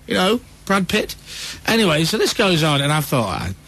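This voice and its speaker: A man hosting a breakfast radio show, telling a story in a bouncy way and snapping into quick voices for each character. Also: a little high, big pitch swings, creaky, a bit bright. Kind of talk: radio show chat and anecdote.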